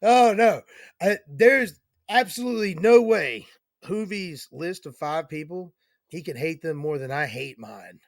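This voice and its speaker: A man's voice: fairly high pitch, expressive, a little slow, gravelly, no echo, clean studio sound. A man co-hosting a casual wrestling podcast, ranting sarcastically and swearing a lot. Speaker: podcast co-host.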